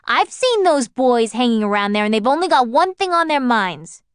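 Woman doing a worn-out strict mom in an audiobook, scolds loud, clean dry voice. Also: mid-range voice, expressive, normal speed, clean tone, no room sound, close to an everyday voice. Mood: scolding. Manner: scolding, sharp and raised. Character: strict, tired middle-aged mother, a nurse.

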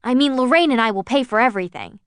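A woman doing a nervous teenage boy, pitched a little higher and louder as he pleads and coaxes. The voice is smooth and dry. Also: animated, quick pace, dry recording. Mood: pleading. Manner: earnest, pleading, slightly raised voice.

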